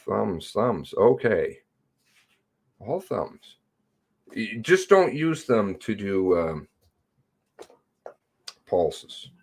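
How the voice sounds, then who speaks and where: A man's voice: lowish voice, sing-song, drawn-out words, long pauses, breathy edge. A man hosting a casual livestream, greeting viewers by name and reading chat with a sardonic drawl.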